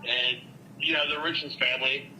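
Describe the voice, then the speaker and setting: A man's voice: medium pitch, fairly even intonation, normal speed, bright, forceful tone, a little hiss or hum. A man chatting casually on a phone call, saying bro and right a lot.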